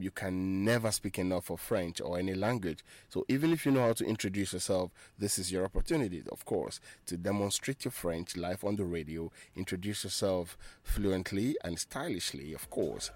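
A man hosting a radio French lesson, repeating phrases and spelling words out letter by letter for listeners. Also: deep voice. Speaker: radio French teacher and show host.

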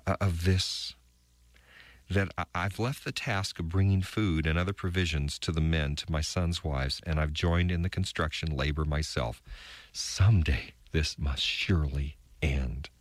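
A man voicing the weary, bitter wife of an ark builder, reading her diary entries with halting, stammered restarts. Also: low voice, no echo. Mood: exhausted.

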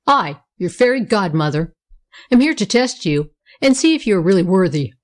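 A woman's voice: mid-range voice, very animated, normal speed, natural voice. A woman voicing a stern little old fairy godmother in a storybook reading, with a cracked, wavering voice.

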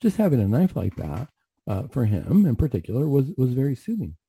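A man's voice: mid-range voice, big pitch swings, brisk, mellow, husky, dry recording. A man on a radio show telling a personal story in an earnest, conversational way, often restarting his sentences.

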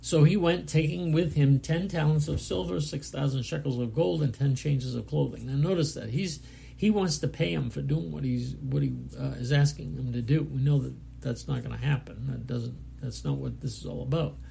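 A male preacher reads scripture aloud and breaks off to explain it in a casual, halting way. His voice is heavily gravelly with a warm, mellow tone, and there is a faint hiss behind him. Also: mid-range voice. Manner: casual, halting explanation with fillers between readings. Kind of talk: Bible study sermon, reading scripture and commenting.

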